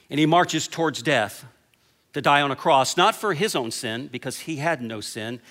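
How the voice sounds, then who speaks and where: A man delivers a sermon in a bright, forceful voice that sits a little high for a man. He tells his stories with steady momentum and lowers to a near-hush on the lines he wants to land. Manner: storytelling, dropping to a hush on key lines. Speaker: pastor.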